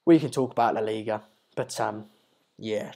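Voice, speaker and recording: A man's voice: on the low side, moderate pace, dark tone. A man hosting a live football watchalong, chatting casually, reading viewer comments and repeating himself. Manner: rambling, repeats words and phrases.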